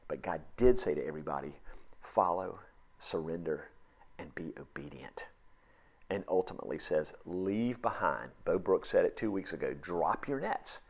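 Guy preaching a sermon, really low gravelly voice, kinda husky, leans on repeated lines. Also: lively intonation. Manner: emphatic preaching with pauses and repetition. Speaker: pastor.

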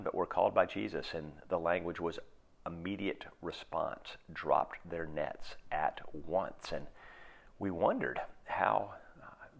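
Deep gravelly man in his sixties preaching. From United States. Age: 60s. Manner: reflective, halting, with drawn-out pauses. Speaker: pastor. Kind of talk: sermon.

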